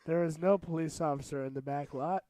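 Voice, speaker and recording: A young man giving casual, jokey play-by-play commentary on a school rugby match, now and then shouting at big plays. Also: fairly high pitch, brisk, no echo.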